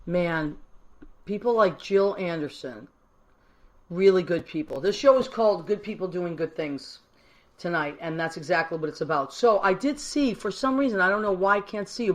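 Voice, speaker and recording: A woman's voice: fairly low pitch, normal speed. Effusive, affectionate woman hosting a show. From Massachusetts. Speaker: host. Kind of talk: live-streamed call-in show.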